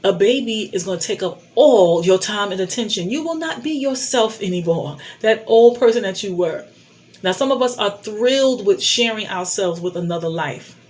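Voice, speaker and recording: A woman's voice: medium pitch, lively intonation, moderate pace, a little mellow. A middle-aged woman giving blunt life advice to a phone camera, emphatic and preachy, repeating her key points. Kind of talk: candid advice monologue.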